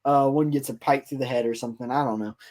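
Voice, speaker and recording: A man's voice: mid-range voice, fairly even intonation, fast, darkish tone. A man hosting a podcast, casually telling a story in a loose, rambling way full of fillers. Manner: rambling, filler-heavy retelling. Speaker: podcast host.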